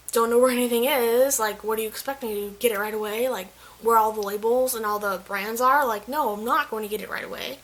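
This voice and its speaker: This vlogger's voice sits on the high side, gravelly and fairly bright. Venting casually, the young woman chats through a frustrating story, peppering it with "like" and quoted lines, over slight background noise on a rough recording.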